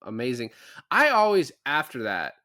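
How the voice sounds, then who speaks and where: Podcast co-host, man with a bright, lively voice, rambling and speculative. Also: medium pitch, moderate pace, dry recording, clean studio sound. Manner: rambling, speculative, laughs often. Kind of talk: casual movie chat.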